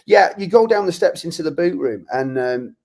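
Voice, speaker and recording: Halting man telling old stories. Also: fairly high pitch, lively intonation, vocal fry, darkish tone. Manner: rambling, halting storyteller with many restarts. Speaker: guest, former youth player and musician. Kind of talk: casual chat.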